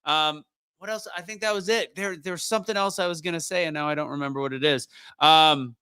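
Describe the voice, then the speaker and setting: A man's voice: a little high, fairly even intonation, fast, sharp tone, clear, resonant tone, dry recording. A man hosting a casual live-stream chat, rambling and teasing his co-host. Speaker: show host.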